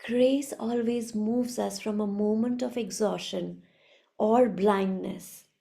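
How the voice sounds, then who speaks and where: A woman giving a reflective spiritual talk as a teacher, soft-spoken and unhurried. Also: mid-range voice, steady tone, vocal fry.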